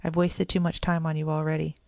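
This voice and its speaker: A storyteller voicing a harsh, scolding old male shopkeeper in a storybook reading, with a deeply gravelly voice. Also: flat delivery, brisk, dry recording, lightly acted. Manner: sharp, scolding and threatening.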